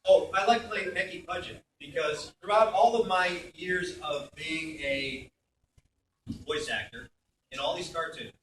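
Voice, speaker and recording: A middle-aged man from Brooklyn, New York, a voice actor talking at a convention panel Q&A in a chatty, animated way, recorded on a phone in the audience. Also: a little high, measured pace, distant mic, slight background noise. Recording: echoey hall, phone mic from afar.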